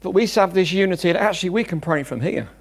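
A fast-talking man with a high voice preaches to a congregation, animated and joking, swinging between loud bursts and hushed asides.

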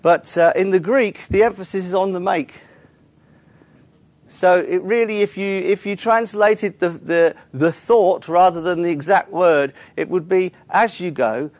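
A man's voice: high-pitched, darkish tone, no room sound. A man preaching a sermon in a church, earnestly explaining scripture with frequent small restarts. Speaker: pastor.

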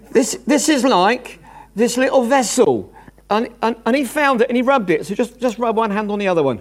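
A man preaching a sermon to a congregation, animated and jokey, swinging from loud bursts to hushed asides. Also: very high-pitched, moderate pace.

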